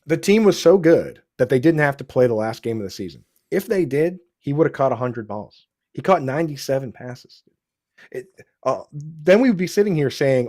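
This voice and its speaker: Guy hosting a sports podcast, warm mellow voice, dry close sound, gets all hyped and trips over his words. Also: mid-range voice, normal speed, dry recording. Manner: excitable, restarts sentences, says dude and bro. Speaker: podcast host. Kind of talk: casual fantasy football chat.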